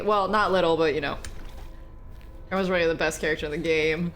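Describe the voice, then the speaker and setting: A woman streamer giving casual, animated commentary while playing a horror game, swearing, laughing and chatting with viewers. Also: low-pitched, fairly quick, long pauses, a little hiss or hum.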